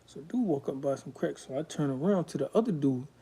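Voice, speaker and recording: A man with a very dark, mellow voice recounts his past. He talks bluntly and swears freely, and there is raw emotion under it. It sounds like a candid guest interview. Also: on the high side, animated, quick pace, husky. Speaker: guest telling his life story. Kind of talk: candid storytelling.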